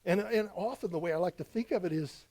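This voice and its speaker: Pastor, middle-aged man, verse-by-verse sermon, dramatic scripture reading, fairly high voice. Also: fast talker. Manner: animated, dramatic reading with emphatic rises.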